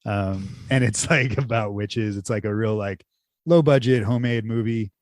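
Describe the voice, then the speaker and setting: A man's voice: lowish voice, normal speed, dry recording, clean studio sound. A man co-hosting a podcast in casual chat, rambling loosely and full of "like" fillers. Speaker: podcast co-host.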